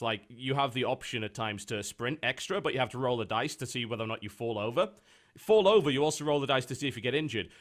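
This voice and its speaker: A man co-hosting a gaming podcast, chatting casually and ranting with animated exasperation about games. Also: medium pitch. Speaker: podcast co-host. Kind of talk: casual chat.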